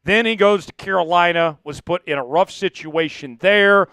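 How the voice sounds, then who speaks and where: A man hosting a live sports talk show, speaking to viewers with an energetic, hyped delivery. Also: high-pitched, moderate pace, gravelly, clear, resonant tone, dry recording. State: voice cracking, coughing fits.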